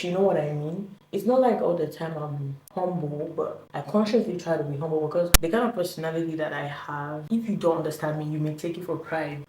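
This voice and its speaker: A woman's voice: sits low, a little mellow. A young woman, a content creator, chatting casually on her vlog and often asking "you get what I mean?". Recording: echoey room, faint background noise.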